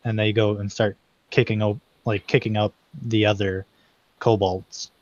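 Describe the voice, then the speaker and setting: Male game master, low voice, rambling narration, dry muffled line. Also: flat delivery, measured pace, dry recording. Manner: loose, hesitant, many fillers. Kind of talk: narrating a tabletop game over voice chat.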